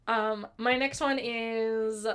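A woman's voice: fairly high pitch, steady tone, takes it slowly, a bit bright, clean tone. A woman co-hosting a casual podcast chat about a movie, giggly and chatty, swearing now and then. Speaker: podcast co-host.

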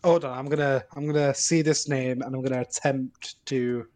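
A man's voice: mid-range voice, steady tone, normal speed, darkish tone. A young man co-hosting a casual film podcast, teasing and joking with his partner. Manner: teasing, jokey, laughs often. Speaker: podcast co-host.

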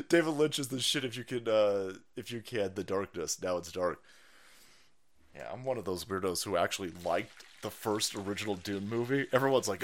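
A man hosting a live stream, ranting in a foul-mouthed way, breaking into loud mocking impressions and laughter. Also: on the low side, animated, normal speed, long pauses. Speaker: streamer host.

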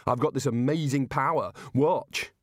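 A man voicing a cowardly, defiant male wizard in a storybook reading, high and indignant. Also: normal speed, no room sound, clean studio sound, lightly acted.

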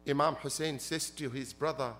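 A man's voice: mid-range voice, fairly even intonation, normal speed, a bit bright, a little hiss or hum. A man preaching a sermon as a sheikh, emphatic, repeating his points and asking rhetorical questions. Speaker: sheikh preaching at a Muharram gathering.

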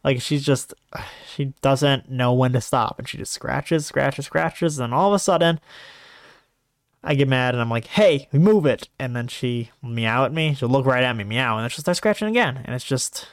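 Man, casual solo host, meandering and animated, mid-pitched, dry close sound. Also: normal speed, dry recording. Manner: meandering, many fillers and restarts, animated pitch jumps. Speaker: podcast host. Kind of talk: casual rambling monologue.

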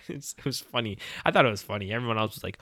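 A young man co-hosting a podcast, telling stories in a casual, animated way and laughing often. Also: on the low side, very fast, no echo, studio quality. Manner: animated storyteller, laughs often, acts out voices. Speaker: podcast co-host. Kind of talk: casual chat.

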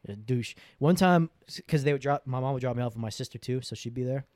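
A man's voice: mid-range voice, fast talker, darkish tone, no room sound, studio quality. A man in his twenties telling crude stories in a casual, slangy way, often laughing and swearing. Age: 20s. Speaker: podcast host.

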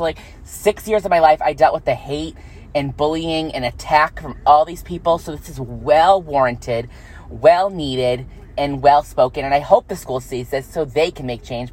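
A young man in college, venting in a profane, angry, unfiltered rant to camera that swings into high, shrill outbursts. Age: young adult. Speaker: vlogger.

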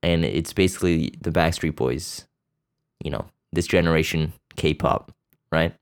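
Low, smooth-voiced man chatting crudely. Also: a little slow. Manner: rambling, loose, with many fillers and restarts; blunt and crude. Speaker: podcast host. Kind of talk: casual profane movie chat.

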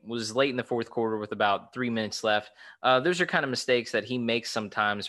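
A man's voice: lowish voice, bright, forceful tone. A man co-hosting a sports podcast, chatting casually about football and rattling off game stats. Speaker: podcast co-host.

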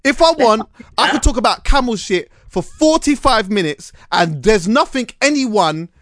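A man's voice: high-pitched, normal speed, no room sound, clean studio sound. A man, hosting a podcast and telling stories casually, full of slang and restarts. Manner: animated storyteller, London slang, lots of restarts. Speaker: podcast host. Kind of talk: casual chat.

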